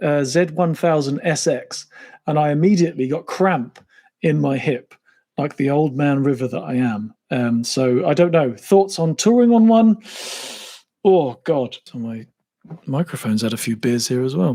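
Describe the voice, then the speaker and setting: A man's voice: a little high, warm tone. A man in his thirties with an English accent from around Cambridge, chatting casually and self-mockingly while answering viewer questions on a live stream. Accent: English (Cambridge area). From England (Cambridge). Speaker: motorcycle YouTuber answering live Q&A.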